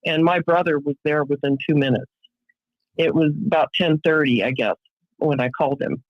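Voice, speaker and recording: A woman's voice: low-pitched, moderate pace, no room sound, muffled recording. Middle-aged woman recounting a painful story. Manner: vivid storytelling, acting out what others said. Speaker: interview guest. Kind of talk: emotional personal account.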